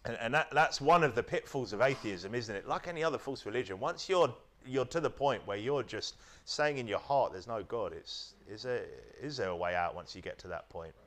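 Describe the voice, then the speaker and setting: A British man preaching a sermon, with lively delivery, stammered restarts and mocking impressions. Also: medium pitch, fairly quick, few pauses. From United Kingdom.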